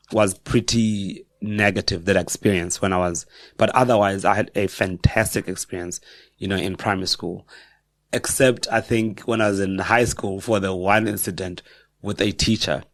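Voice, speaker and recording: A middle-aged man with a South African accent speaks in a fairly low voice, telling personal stories as a podcast guest. He talks reflectively and haltingly, often correcting himself mid-sentence. The sound is dry and close, with little room reflection. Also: no room sound. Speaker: guest author. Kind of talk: personal storytelling in a podcast interview.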